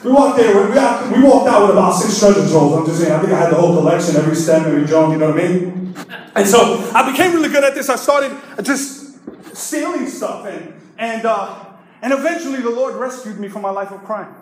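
In a very echoey hall, a man preaches as pastor, playfully telling funny stories and calling out to the congregation. His high voice is animated and fairly quick. A little hiss or hum can be heard.

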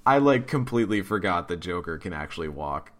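A man's voice: low voice, lively intonation, fairly quick. A man co-hosting a podcast, chatting casually and rambling with fillers and restarts. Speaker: podcast co-host. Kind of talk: casual chat.

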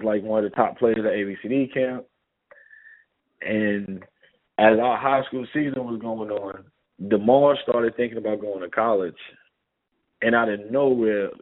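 A middle-aged man with a New York accent, a guest telling stories in a casual interview and acting out the dialogue. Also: lowish voice. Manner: animated, acts out dialogue in anecdotes. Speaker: guest, former basketball player. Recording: tinny phone-like line.

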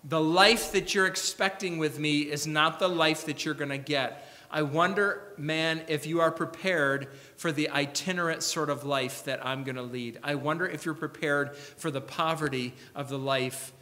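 A man's voice: a little high, fairly even intonation, normal speed, sharp tone. A male pastor preaching a sermon in a church, emphatic and acting out the people he quotes. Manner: emphatic, acts out quoted speakers. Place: church sanctuary. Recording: echoey church hall.

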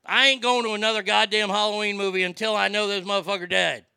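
A man's voice: high-pitched, level tone, fast, gravelly, bright, forceful tone, smooth, no room sound, studio quality. A man ranting casually and profanely about movies while reading out listener comments. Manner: swearing, exasperated ranting.

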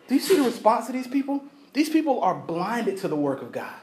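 Male pastor with a high voice, preaching casually and acting out the story. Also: sing-song, a little fast, few pauses, a little mellow. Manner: casual storytelling, acts out characters, laughs often. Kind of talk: sermon. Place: church.

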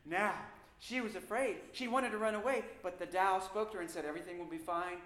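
Animated, suspenseful male storyteller. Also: high voice. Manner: animated, suspenseful, dramatic pauses. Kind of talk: spooky folktale storytelling. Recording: echoey room with faint noise.

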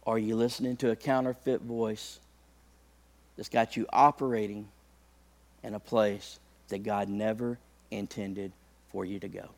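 A man's voice: on the low side, little pitch movement, a little slow, pauses often. A male preacher delivering a sermon, talking conversationally to the congregation and building to impassioned peaks.

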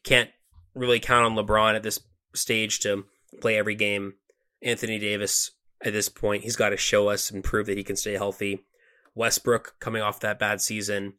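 Bright-voiced man chatting about basketball. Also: on the low side, normal speed. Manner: relaxed, conversational, frequent fillers and restarts. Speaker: podcast co-host. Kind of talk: casual sports podcast chat.

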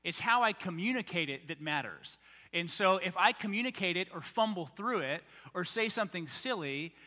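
Male pastor, high bright voice, chatty sermon style with playful impressions; hall reverb. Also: normal speed. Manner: conversational preaching, animated mock quotes.

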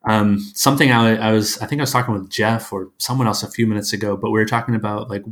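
A man's voice: lowish voice, fairly even intonation, quick pace. Rambling, laughing man hosting a chat. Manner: rambling, self-interrupting, laughs often. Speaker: podcast host. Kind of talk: casual chat.

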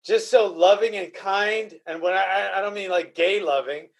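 A podcast host in casual chat, emotional and profane, often repeating himself. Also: male voice, high-pitched, moderate pace.

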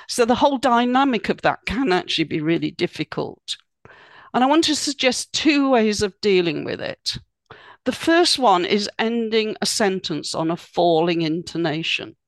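A woman's voice: lowish voice, creaky, no echo. Chatty woman, dry close sound. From United Kingdom. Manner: explanatory, chatty, with frequent "um" and "you know". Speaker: guest expert. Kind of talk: podcast interview advice.

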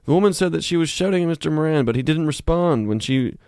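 A man's voice: a little high, animated, fast, darkish tone, clear, resonant tone, no echo, clean studio sound. A male comedian co-hosting a podcast, reading a news story aloud in a mock-serious tone. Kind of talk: casual comedy podcast chat.

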